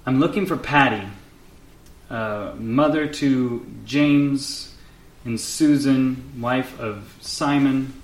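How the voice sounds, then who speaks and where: A man voicing a calm, patient robed spirit-reader who speaks gently and searchingly. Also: mid-range voice, takes it slowly, reverberant, lightly acted, poor audio.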